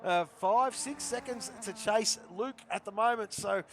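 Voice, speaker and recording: A man commentating a sim racing league, chatty and repeating himself, his voice hoarse and giving out. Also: sits high, measured pace, a little hiss or hum. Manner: chatty, repeats phrases, calls drivers by nicknames. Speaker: race commentator.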